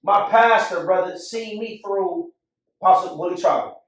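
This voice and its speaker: A man telling a personal story in a candid barbershop conversation, swinging from hushed to loud. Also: high-pitched, unhurried. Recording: echoey room, mic far off.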